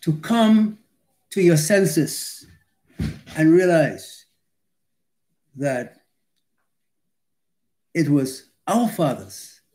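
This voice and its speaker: Male preacher, fairly high voice, very slow and weighty delivery, emphatic scripture reading. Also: lively intonation, warm tone. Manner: slow, deliberate and emphatic, with pauses between phrases; reads scripture aloud and rereads for emphasis. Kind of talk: sermon.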